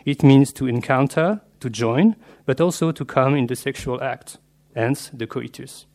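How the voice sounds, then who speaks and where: Man at a lectern reading a measured, scholarly paper on literature; middle-range voice, steady academic delivery. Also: mid-range voice. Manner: measured and scholarly, slipping in Latin and French terms. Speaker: literature scholar giving a lecture. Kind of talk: academic lecture read from a paper.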